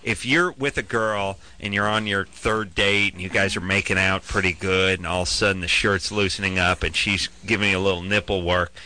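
A man hosting a radio call-in show, joking loudly and mimicking people in casual banter. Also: sits low, level tone, a little fast, hardly any pauses, rough recording. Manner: loud, joking, mimics others.

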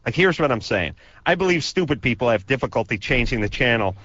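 A man's voice: medium pitch, big pitch swings, fast, a bit bright, no room sound, highs cut off. Rambling sarcastic male radio host. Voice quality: distinctive voice others mimic. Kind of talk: casual joking chat.

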